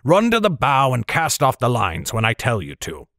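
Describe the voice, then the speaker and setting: A man voicing an impatient, gruff boat captain who barks scornful orders in an audiobook. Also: mid-range voice, huge pitch swings, moderate pace, a bit bright, no echo, studio quality, exaggerated voice.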